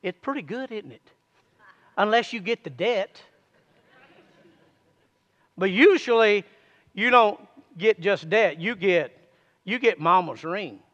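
High-voiced preacher, echoing hall. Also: male voice, animated, takes it slowly, pauses often, a bit bright, highs cut off. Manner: call-and-response, urging listeners to repeat. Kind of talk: sermon.

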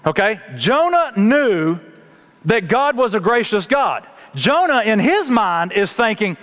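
A man preaching a sermon, telling the story with animated acted-out voices. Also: high voice, slow, highs cut off. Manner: animated storytelling, acts out voices of God and Jonah.

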